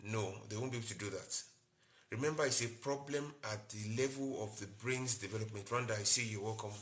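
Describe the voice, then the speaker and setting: Bright-voiced man giving a live health lecture. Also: lowish voice, a little fast. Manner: explains in short repeated phrases, greets viewers by name. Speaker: doctor hosting a live health talk.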